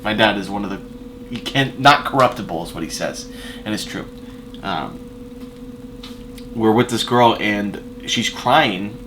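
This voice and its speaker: Unhurried and pausing at length, a man with a lowish voice tells a personal story in a casual vlog. He rambles with fillers and restarts, alternating between loud emphatic bursts and quieter asides, over background noise.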